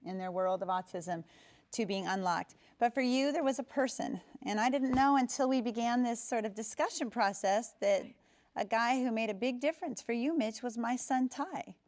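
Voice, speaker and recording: A woman's voice: fairly high pitch, normal speed, darkish tone. A woman hosting a talk show in front of a live audience, asking guests questions in an engaged, encouraging way. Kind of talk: interviewing guests. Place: stage before a live audience.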